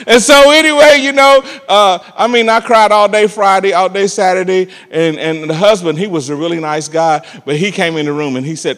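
A man preaching a sermon and telling a personal story, emphatic and animated, calling out to the congregation for amens. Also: sits high, fairly quick, hardly any pauses, long reverb tail. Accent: African American church preaching. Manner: emphatic and animated, calls "amen" and "come on" to the congregation.

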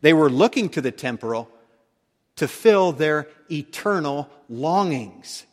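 A man preaching a sermon, emphatic, swinging between loud declarations and hushed tones. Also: on the high side, lively intonation, a little slow, in a large hall.

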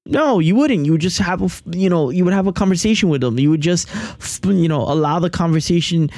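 A man hosting a podcast in casual chat, excitable and given to repeating himself. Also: sits high, fairly quick, no echo, clean studio sound. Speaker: podcast host.

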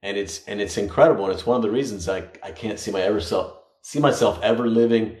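Man, low voice, reflective podcast chat, roomy echo. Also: quick pace, a little mellow. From United States. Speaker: podcast co-host. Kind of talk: casual podcast conversation. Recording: echoey room.

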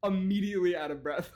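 A young man doing casual reaction commentary, profane and mocking with rapid-fire rants. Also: fairly high pitch, darkish tone.

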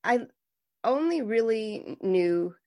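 A woman with a fairly high, expressive, mellow voice speaks at a slow pace. She is a podcast host running a conversational interview, enthusiastic and effusive, and she often restarts her sentences.

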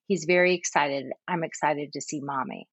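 A woman reading aloud as a confused, jealous three-year-old older sibling, in a plain, gentle storytelling voice. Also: deep voice, normal speed, breathy edge, no room sound, highs cut off. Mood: wistful.

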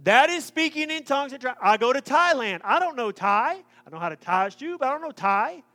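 A man preaching a sermon, joking and lively in his asides. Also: very high voice, brisk. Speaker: pastor.

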